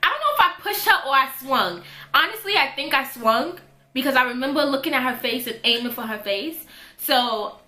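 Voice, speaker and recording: Animated young woman telling a story. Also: on the high side. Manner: animated, dramatic retelling with quoted voices. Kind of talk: casual storytime. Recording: echoey room.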